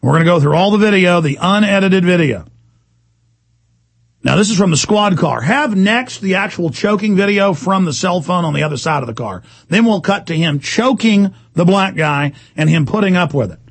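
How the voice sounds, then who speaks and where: A man hosting a talk radio show, delivering an angry, shouting tirade. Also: sits high, animated, normal speed, gravelly, husky. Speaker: radio host.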